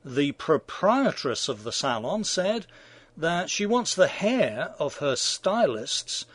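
A man's voice: medium pitch, no echo. A man delivering scripted opinion commentary in a sardonic, mocking manner.

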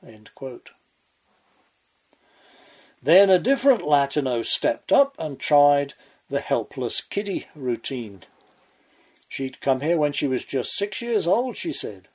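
A man's voice: fairly high pitch, very animated, takes it slowly, pauses often, darkish tone, breathy edge. A man delivering a scripted political commentary monologue with sardonic, sarcastic asides.

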